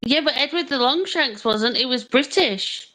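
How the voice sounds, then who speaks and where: A woman's voice: high voice, lively intonation, moderate pace, bright, forceful tone. A woman calling in to a debate, firmly correcting the others on history. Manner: firm, correcting, insistent. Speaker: caller. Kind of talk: heated casual debate.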